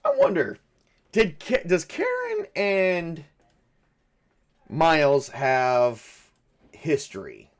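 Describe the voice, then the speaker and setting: A man's voice: fairly high pitch, very animated, drawn-out words, pauses often. A man running a solo tabletop game, thinking aloud in a rambling, self-correcting way. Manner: rambling, self-correcting, chuckles at own jokes. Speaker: game master.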